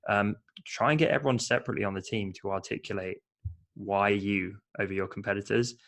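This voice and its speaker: A man's voice: on the low side, fairly even intonation, fairly quick, creaky, fairly bright tone. A man co-hosting a casual business podcast, chatty and playful as he gives practical advice. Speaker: podcast co-host.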